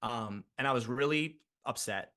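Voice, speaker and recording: Animated male actor telling a story. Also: medium pitch, moderate pace. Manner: animated, chatty storyteller with frequent fillers and restarts. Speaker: actor and podcast guest. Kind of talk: casual storytelling interview.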